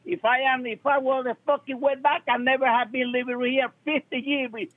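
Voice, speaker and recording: Older man, high voice, halting and cursing, tinny phone line, dry. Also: flat delivery, husky, no room sound. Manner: halting, slow, then angrily cursing back. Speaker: prank call target.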